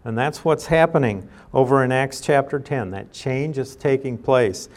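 A man's voice: medium pitch, normal speed. A man teaching a Bible study, reading scripture aloud and then explaining it in a conversational way.

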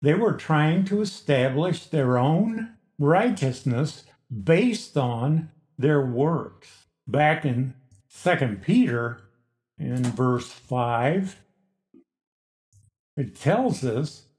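A male pastor teaches through scripture in a slow, measured cadence, leaning hard on key words. His pitch sits a little high and swings widely as he stresses each point. The sound carries the echo of a large room. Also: animated, darkish tone. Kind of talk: expository sermon.

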